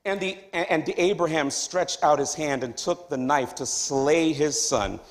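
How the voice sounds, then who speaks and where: Gravelly high-voiced pastor preaching. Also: male voice, a little slow. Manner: swings from hushed to loud, high-pitched exclamations. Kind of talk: sermon. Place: church sanctuary.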